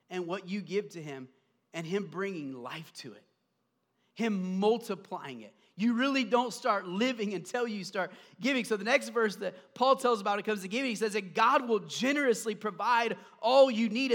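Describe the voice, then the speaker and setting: A man preaching from the pulpit with a high, bright, ringing voice. He drops to a near hush, then climbs to loud, emphatic calls. He acts out the voices in the story as he retells it. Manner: preaching with dramatic swings from hushed to loud. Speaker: pastor. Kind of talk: sermon.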